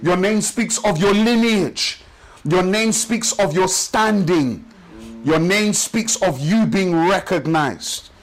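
Male pastor with a high voice, rhythmic repetitive sermon delivery. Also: low-quality recording. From Nigeria. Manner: rhythmic preaching with repeated phrases, slows for emphasis. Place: church service.

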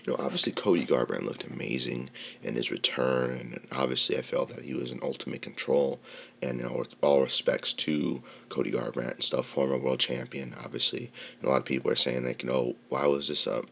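A man's voice: extremely low pitch, fairly even intonation, fairly quick, vocal fry, a bit bright, slight background noise. A man talking casually as a podcast host, rambling with lots of fillers and swearing freely. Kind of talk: casual opinion talk on mixed martial arts.

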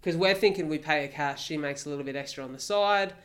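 A man's voice: fairly high pitch, fast talker, fairly bright tone. A young Australian man co-hosting a podcast, telling a story in a blunt, sweary, laughing way. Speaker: podcast co-host. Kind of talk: casual storytelling chat.

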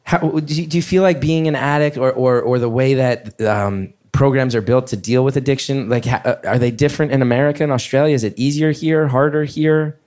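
A man's voice: mid-range voice, fairly even intonation, fairly quick, hardly any pauses, darkish tone. A man hosting a call-in show on stage in front of an audience, talking in an earnest, caring and jokey way. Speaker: host. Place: stage before a live audience.

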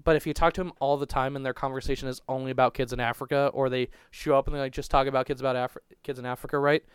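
Fast, profane, rambling young man. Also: medium pitch, steady tone, clean tone, no echo. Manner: profane, rambling, restarts a lot. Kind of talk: crude casual storytelling.

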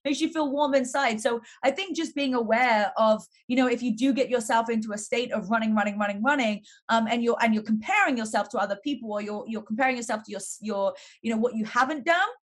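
A woman's voice: fairly high pitch, fast talker, hardly any pauses. An English woman, a fitness entrepreneur, answering interview questions in an upbeat, casual way, leaning heavily on "like". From England. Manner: upbeat, heavy use of "like".

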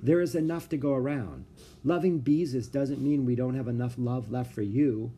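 A man reading aloud and voicing a gentle, tired mother who speaks softly and patiently. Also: medium pitch, normal speed, a little hiss or hum, close to an everyday voice. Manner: soft and gentle.

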